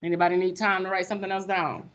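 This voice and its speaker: A woman's voice: on the low side, little pitch movement, rapid-fire, highs cut off, faint music behind. A woman teaching a math class, sassy and playful with her students. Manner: sassy, playful, calls students sugar baby.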